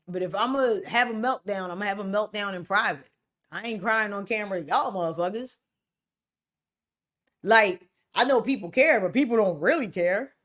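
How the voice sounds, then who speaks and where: Blunt, profane woman ranting casually. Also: medium pitch. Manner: blunt, profane, animated rants with laughs. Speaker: podcast host. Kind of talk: casual solo commentary.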